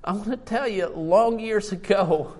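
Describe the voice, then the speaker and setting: A man's voice: high voice, measured pace. An older man preaching a sermon, emotional and tired, reading scripture aloud with rising emphasis. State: tired from little sleep.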